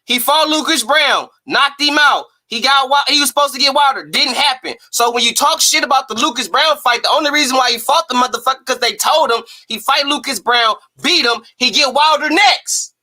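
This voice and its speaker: Male stream host, bright edge, fired up, swearing, hammering rhetorical questions. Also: very high-pitched. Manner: emphatic, profane, rapid-fire rhetorical ranting. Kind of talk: heated boxing talk on a live stream.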